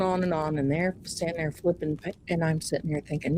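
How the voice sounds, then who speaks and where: A woman's voice: low voice, fairly quick, few pauses, warm tone, slight background noise. A woman hosting a live stream who tells a chatty, folksy, self-mocking story. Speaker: livestream host.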